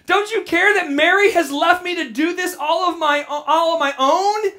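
A frantic, whiny woman pleads and complains about her sister in a high, sharp voice, put on by a woman preacher. Her bright tone pushes up with every plea. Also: normal speed. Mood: whiny pleading.

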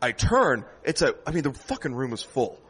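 Husky man telling a bar story. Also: medium pitch, normal speed. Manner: animated storyteller, laughs often, acts out voices. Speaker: stand-up comedian. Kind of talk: storytelling after-show chat. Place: comedy club after the show.

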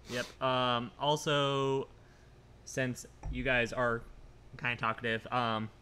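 A man with a bright, sharp-edged voice chats on a brewery live stream, stumbling and restarting as he reads viewer votes. His delivery is loose and conversational. Faint noise hums under the recording. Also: medium pitch, level tone. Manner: chatty, halting, restarts and laughs. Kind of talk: casual live stream chat.

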